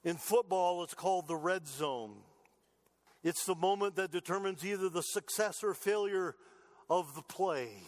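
Preaching man, higher voice. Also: a little slow. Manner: preaching, swings from rising emphasis to low quiet delivery. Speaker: pastor. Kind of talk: sermon.

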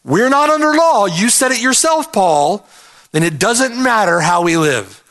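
A flippant, careless antinomian voiced by a man mid-sermon. He sounds higher and louder than the preacher's normal voice. He brushes off any rules with a lively, dismissive tone. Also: a little slow, heavily acted.

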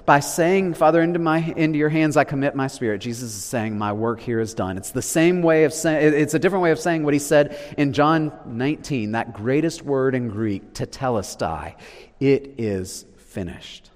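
A man preaching a sermon, swinging from loud declarations to hushed, low lines. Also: animated, normal speed, hardly any pauses. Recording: long reverb of a large hall.

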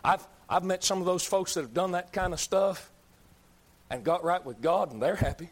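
A man preaching a fiery sermon, hammering his points with repetition and rising to shouts. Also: high voice, moderate pace. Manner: emphatic, repeats lines, builds to shouts.

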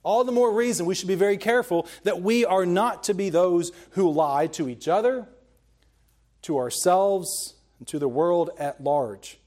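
High-voiced male pastor preaching. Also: normal speed, a little mellow. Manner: reads scripture then preaches with emphatic, earnest delivery. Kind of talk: sermon.

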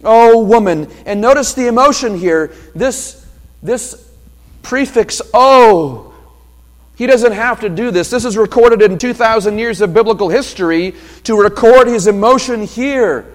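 A male pastor preaching a sermon, asking rhetorical questions and acting out quoted speech with sudden loud swells. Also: high voice, normal speed, hardly any pauses, in a large hall. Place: church sanctuary.

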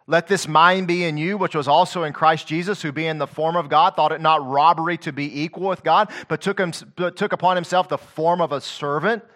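Delivering a sermon a little fast with a steady tone and hardly any pauses, a man quotes scripture rhythmically. His preaching moves from hushed, low stretches to loud, climbing declamation.

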